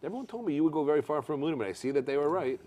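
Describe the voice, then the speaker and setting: A man hosting a casual chat rattles off teasing remarks at his guest. He talks fast and his pitch moves around a lot. Faint noise sits behind him. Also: expressive, darkish tone. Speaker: host.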